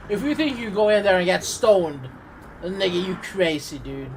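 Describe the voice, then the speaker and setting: A man's voice: sits high, moderate pace, a little hiss or hum. A man streaming live, reacting to a video with profane, sarcastic, rambling commentary.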